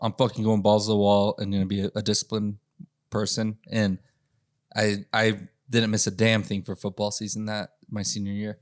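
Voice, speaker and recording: A man telling stories in a casual podcast chat, swearing freely and animated as he recounts things. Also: on the low side, moderate pace, no room sound, studio quality. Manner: profane, animated storytelling. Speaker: podcast host.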